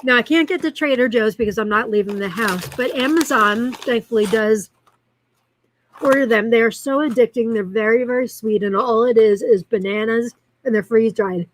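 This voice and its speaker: A woman's voice: fairly high pitch, moderate pace, rough recording. A woman hosting a live-streamed show, chatting casually in a rambling way and reacting to viewer comments as she reads them aloud.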